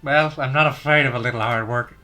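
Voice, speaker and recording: A man voicing a cheerful, energetic teenage girl while reading game dialogue aloud, with an upbeat, bubbly delivery. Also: medium pitch, fast talker, soft background music, close to an everyday voice. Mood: determined.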